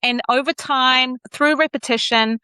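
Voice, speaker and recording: A woman with a New Zealand accent talks as a communications coach on a podcast. Her voice sits a little high and rings bright and forceful, and she animates it by playing with pitch and speed. The close mic keeps the sound dry. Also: measured pace, smooth, no echo. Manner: animated, plays with pitch and pace to demonstrate. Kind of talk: podcast interview.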